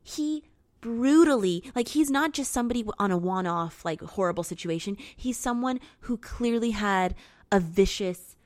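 A woman's voice: mid-range voice, dry recording, studio quality. Chatty young woman recapping a film. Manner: chatty, animated, quick to act out characters' lines. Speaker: podcast co-host. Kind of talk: casual chat recapping a film.

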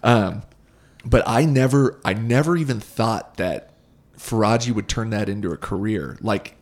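Young male podcast host; low, gravelly voice, relaxed and agreeable. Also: unhurried. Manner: laid-back, frequent short agreements. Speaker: podcast host, former college football player. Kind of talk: casual interview chat.

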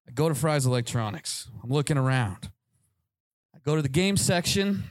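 A man's voice: medium pitch, brisk, no echo. A man hosting a podcast, telling a comic story to a live audience and acting out the voices in it. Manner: animated, acts out voices in his anecdotes. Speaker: podcast host.

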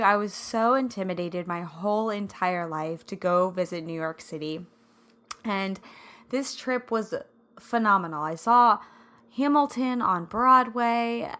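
Bright, slightly hoarse woman podcaster. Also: medium pitch. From American Midwest. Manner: bubbly and chatty, laughs often. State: slightly hoarse, scratchy throat. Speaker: podcast host. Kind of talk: casual solo podcast chat.

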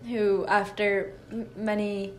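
A woman's voice: medium pitch, little pitch movement, takes it slowly, slight background noise. A woman co-hosting a podcast in casual chat, often laughing at herself and correcting her slips. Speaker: podcast co-host.

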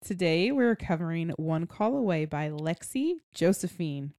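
A woman's voice: lowish voice, lively intonation, measured pace, dark tone, dry recording, studio quality. A young woman co-hosting a book podcast in casual, bubbly chat, giggling often and saying "like" a lot. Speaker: podcast co-host.

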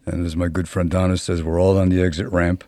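An older man in his seventies talks as a podcast guest in an easy, rambling way. His voice sits very low and sounds mellow and warm. He tells long stories with a dry, self-mocking humor. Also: level tone, quick pace, no room sound. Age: 70s. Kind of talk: casual conversation.

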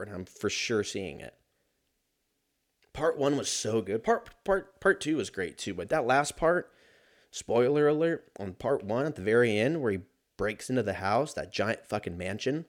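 A man hosting a casual solo podcast, rambling and swearing freely, mocking himself and laughing at his own jokes. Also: mid-range voice. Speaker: podcast host.

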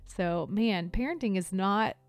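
A woman in her thirties co-hosting a casual family podcast, chatty and quick to laugh, teasing her husband. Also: mid-range voice, smooth, dry recording. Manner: chatty, laughs often, warm-hearted teasing. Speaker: podcast co-host.

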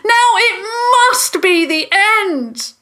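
A woman doing a desperate shouting girl. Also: extremely high pitch, big pitch swings, very slow, voice pushed up, heavily acted.

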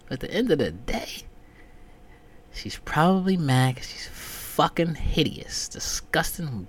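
A vlogger rants through a story in a loose, rambling way, cursing constantly. The voice is mid-pitched and animated, rising and falling a lot. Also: measured pace, breathy edge. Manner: profane, rambling. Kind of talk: casual storytelling rant.

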